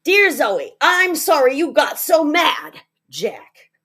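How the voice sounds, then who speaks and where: A reluctant little schoolboy from a picture book, stubborn and defensive about his apologies, as a woman reads him aloud. His letters rise and fall widely in pitch and come out at an unhurried pace. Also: big pitch swings, fairly bright tone, heavily acted. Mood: grudging. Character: sulky young schoolboy writing grudging apologies.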